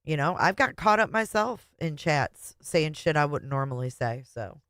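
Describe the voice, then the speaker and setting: A low-pitched woman in middle age hosts a casual live stream and talks straight to her chat. She is blunt and chatty and swears freely. Her voice sounds close and dry, with no room echo. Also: animated, normal speed, a bit bright.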